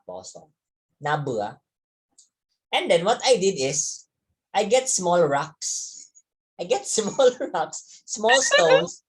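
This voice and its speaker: A man, a teacher telling young students a story from his childhood, repeating words and chuckling as he goes. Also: sits high. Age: 30s.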